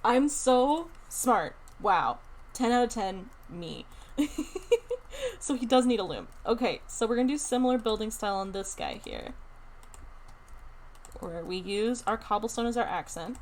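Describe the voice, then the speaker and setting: A young woman streaming a building game, chatting casually and thinking aloud in an excited, talkative way. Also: mid-range voice, normal speed, pauses often. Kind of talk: casual live-stream chat while playing a building game.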